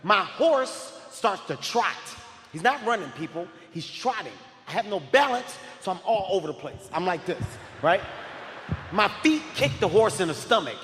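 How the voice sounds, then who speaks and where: High-pitched shouting comedian in echoey hall. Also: male voice, moderate pace. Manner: animated, frequently shouting, profane. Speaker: stand-up comedian. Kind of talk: stand-up comedy storytelling. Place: live show in a large venue. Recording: echoey hall with crowd ambience.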